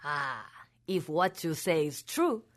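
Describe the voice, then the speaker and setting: A woman voicing a greedy, scheming neighbor man in a storybook tale, in a low, sly tone. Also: expressive, slow pace.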